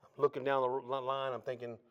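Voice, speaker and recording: A man giving his testimony during a church service, telling his story in a casual, folksy way and swinging between loud and hushed as he acts out each scene. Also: medium pitch, level tone, a little fast, clean tone, lo-fi sound.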